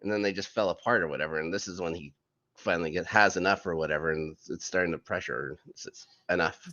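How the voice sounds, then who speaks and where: Rambling man with a low, dull-sounding voice. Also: quick pace, sharp tone. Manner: rambling, trails off with "stuff like that". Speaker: podcast co-host. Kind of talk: casual TV review chat.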